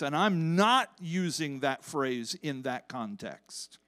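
High-voiced, unhurried preaching pastor. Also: male voice, lively intonation, a bit bright, no room sound, clean studio sound. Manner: impassioned, emphatic preaching. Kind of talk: sermon. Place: church service.

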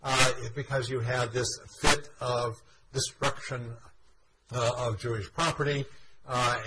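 A male university history lecturer giving a measured lecture full of "uh" fillers. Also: medium pitch. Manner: frequent "uh" fillers, measured explanatory delivery. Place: university classroom. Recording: loud background noise.

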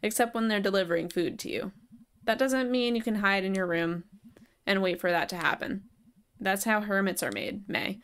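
A woman's voice: medium pitch, normal speed, fairly bright tone, smooth, lightly acted. A woman reading a sardonic, self-mocking young woman.

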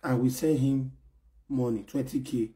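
A man ranting to his fans in an excitable, scolding way, repeating himself and bursting into shouts. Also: medium pitch, moderate pace. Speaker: online personality ranting to fans. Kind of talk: animated pidgin rant.

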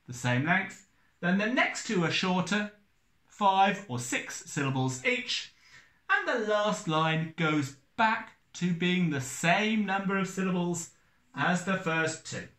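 A man teaching a recorded lesson, counting out syllables and beats in a slow, sing-song way. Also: high-pitched, pushed and bright, echoey room.

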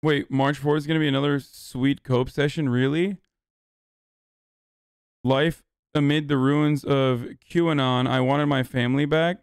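A man's voice: mid-range voice, steady tone, a little slow, clean tone, no echo, clean studio sound. A young man streaming live, answering chat questions in a casual, heated, profane rant.

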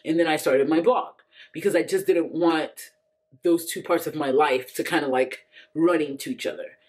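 A woman's voice: deep voice, moderate pace, a little mellow. A woman in her thirties telling a personal story to camera in a chatty, casual way, full of fillers and frequent laughs. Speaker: vlogger.

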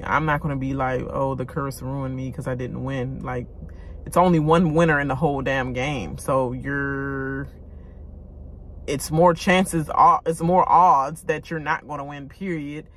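A woman's voice: very deep voice, slight background noise. A woman giving a blunt, casual rant about a reality show, talking straight to her viewers and swearing freely. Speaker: reality TV commentator.

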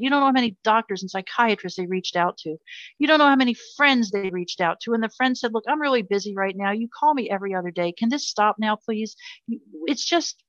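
A woman's voice: fairly high pitch, a bit bright, dry recording. A middle-aged woman talking as an interview guest, earnest and emphatic, speaking with passion about hard personal experiences. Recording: slightly dull lo-fi audio.

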